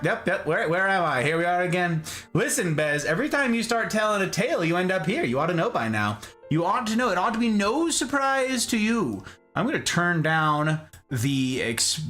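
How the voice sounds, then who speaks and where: A man's voice: a little high, a bit bright. A man hosting a casual livestream, greeting viewers by name in a playful, theatrical, sing-song way. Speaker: livestream host.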